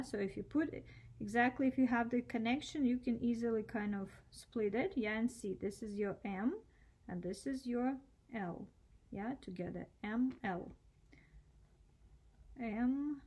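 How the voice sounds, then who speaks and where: Her voice is medium in pitch with a dark tone as this Russian language teacher walks through cursive letters in a slow, step-by-step handwriting lesson. She spells them out patiently and checks in with short questions.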